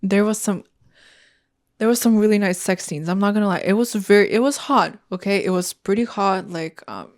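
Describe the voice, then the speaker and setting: A young woman hosting a solo podcast rants bluntly, angrily and with profanity in a casual style. Her voice has a darkish tone, medium pitch and moderate pace.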